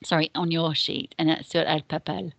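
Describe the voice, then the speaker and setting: A woman with an English accent teaching a recorded beginner Spanish lesson, modelling each word slowly and carefully for pupils to repeat. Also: low voice, little pitch movement, gravelly, a bit bright, no room sound. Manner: slow, careful modelling of pronunciation.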